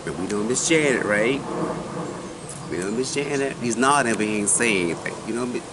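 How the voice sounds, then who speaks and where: A man in his forties telling a personal story in casual chat, animated and often asking his listener questions. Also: medium pitch, moderate pace. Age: 40s. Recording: noisy recording.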